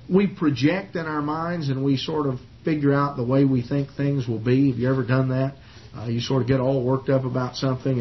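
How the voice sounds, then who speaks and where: A man teaching a Bible study in a casual, folksy way, retelling the story with many uhs and you-knows. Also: a little high. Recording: slightly muffled old recording.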